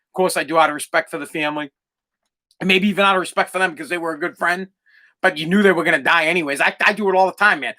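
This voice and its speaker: A man's voice: a little high, sharp tone. A middle-aged man hosting a podcast, ranting bluntly with plenty of profanity and mocking whiny voices. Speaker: podcast host. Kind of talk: blunt opinion monologue.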